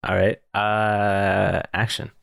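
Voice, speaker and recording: Relaxed man directing improv. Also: lowish voice, takes it slowly, gravelly. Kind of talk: casual chat.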